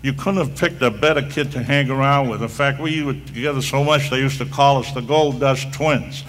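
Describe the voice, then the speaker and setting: A man's voice: medium pitch, moderate pace, fairly bright tone, slight background noise. An older man giving a rambling, anecdotal speech at a hall of fame induction, full of restarts and asides. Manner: rambling storyteller with frequent restarts.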